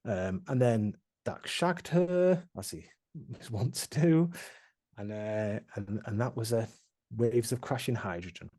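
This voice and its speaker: A man's voice: fairly low pitch, animated, measured pace, mellow. A man running a tabletop game, recapping past sessions in a rambling, casual way with many restarts. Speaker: game master.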